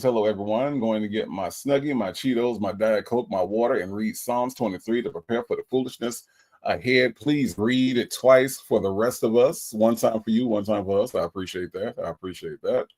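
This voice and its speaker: A man's voice: mid-range voice, moderate pace, a little mellow. A man hosting a casual livestream, reading out viewer comments and greeting each one in a playful way. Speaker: livestream host.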